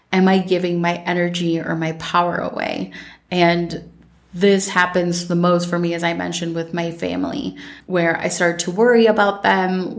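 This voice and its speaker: A woman hosts her own podcast, musing aloud in a gentle, rambling way. Her voice sits on the low side with a gravelly fry. She keeps circling back with casual fillers as she thinks. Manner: gentle, meandering, many "like" fillers. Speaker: podcast host. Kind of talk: reflective solo podcast talk.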